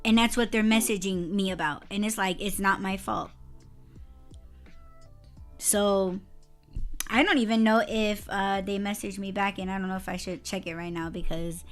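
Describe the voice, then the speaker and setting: A woman's voice: medium pitch, steady tone, moderate pace, pauses often, faint music behind. A woman co-hosting a casual podcast, telling a story in a heated, profane way and breaking into laughter. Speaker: podcast co-host.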